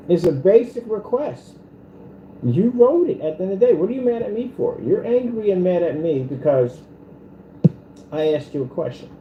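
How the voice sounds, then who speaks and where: A man whose voice sits high comes through with the highs cut off and slight background noise. As host of a confrontational commentary rant, he taunts and repeats himself, recorded in an echoey room with music.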